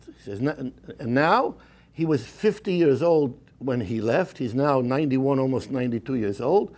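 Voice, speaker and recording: A middle-aged man, a rabbi telling a story in a sermon, shifting from hushed whispers to rising fervor and mixing in Yiddish and Hebrew phrases. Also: mid-range voice, lively intonation, moderate pace. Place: synagogue.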